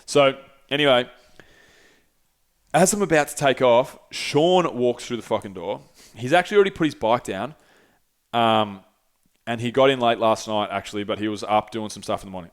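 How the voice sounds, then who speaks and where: A man's voice: mid-range voice, moderate pace, pauses often, clear, resonant tone. A young man casually telling a travel story, laid-back and swearing freely as he acts out what people said. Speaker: podcast host.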